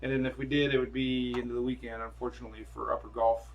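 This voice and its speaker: A man's voice: mid-range voice, level tone, fast talker. A man hosting a casual weather live stream from home on his phone camera, rambling and chatty as he talks to viewers and his dogs.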